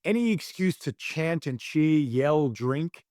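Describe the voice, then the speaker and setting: A man's voice: fairly high pitch, animated, slow, darkish tone, no room sound, clean studio sound. A young Australian man, a guest on a podcast, telling stories in a loose, enthusiastic way full of fillers. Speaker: guest, competitive eater. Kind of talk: casual interview chat.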